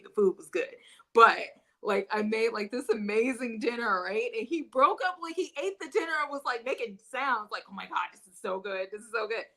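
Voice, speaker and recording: A young adult woman, a podcast guest telling a story in casual chat, animated and laughing, swearing freely and acting out the people she quotes. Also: fairly low pitch, poor audio.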